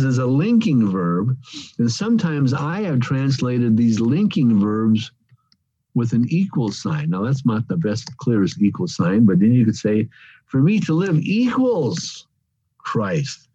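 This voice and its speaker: A man leads an evening Bible study in a mellow, slightly husky voice. He explains each word carefully, repeats himself, and stresses the phrases that matter. The sound is dull and lo-fi. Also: mid-range voice. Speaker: Bible teacher. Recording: dull lo-fi recording.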